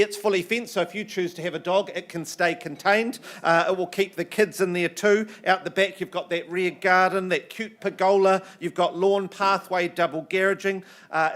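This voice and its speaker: A man in his thirties with a New Zealand accent, an auctioneer chatting about a house with many fillers and jokes, then calling bids briskly. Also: high voice, a bit bright. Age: 30s. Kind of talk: live property auction calling. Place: auction room.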